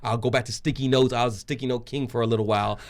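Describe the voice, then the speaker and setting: Animated storytelling man. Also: mid-range voice, racing. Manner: laughs often. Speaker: interview guest. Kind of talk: casual storytelling interview.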